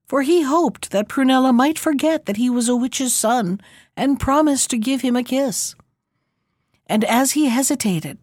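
A woman reads a fairy tale aloud in a measured storytelling style. Her voice sits fairly high and the recording is dry and close, with no room sound. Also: no room sound.

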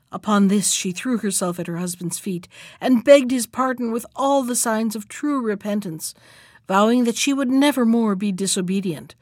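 A woman's voice: on the high side, normal speed, darkish tone, dry recording. Woman narrating a fairy tale, close and dry.

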